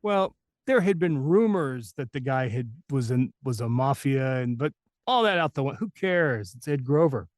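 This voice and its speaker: A man who works as a voice actor, telling a story as a podcast guest in a lively, casual way and acting out the people he quotes. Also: mid-range voice, moderate pace, no echo, clean studio sound. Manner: animated, acts out the people he quotes.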